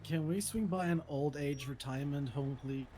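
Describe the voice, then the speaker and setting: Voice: medium pitch, moderate pace, warm tone, slight background noise. Playful teasing roleplayer. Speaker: tow truck driver roleplayer. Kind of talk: casual roleplay chat. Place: inside a tow truck.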